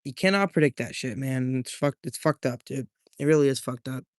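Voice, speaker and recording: A man's voice: mid-range voice, brisk, dry recording, studio quality. Slangy young man chatting on a livestream. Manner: loose, rambling, slangy, calls chat man, dude, bro. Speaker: livestreamer reading chat. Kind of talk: casual livestream chat. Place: at home with his cat.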